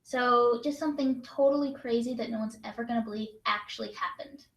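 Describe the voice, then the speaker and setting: A woman's voice: fairly high pitch, a bit bright. A young woman co-hosting a virtual writing session in casual chat, reading prompts aloud and laughing often. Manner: bubbly, quick to laugh, reads prompts aloud. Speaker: write-in co-host. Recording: roomy echo.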